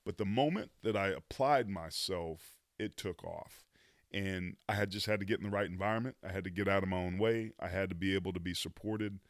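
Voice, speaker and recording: A man's voice: low-pitched, brisk, dry recording, studio quality. A man in his fifties, a former pro football player, telling his life story as a podcast guest in an earnest, motivational way with casual slang. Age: 50s. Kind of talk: reflective storytelling in conversation.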